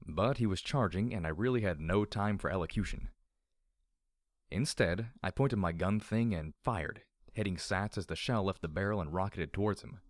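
Man narrating, wry, lively reading, lowish voice, dry close sound. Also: normal speed, dry recording. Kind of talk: audiobook storytelling.

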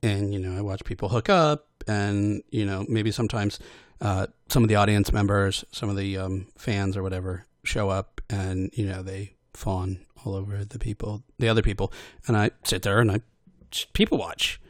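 A man rambling in a casual monologue about voicing audio posts, self-deprecating and hesitant, with many restarts and fillers, slipping into quick character voices when he quotes people. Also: fairly low pitch, steady tone, dry recording, clean studio sound.

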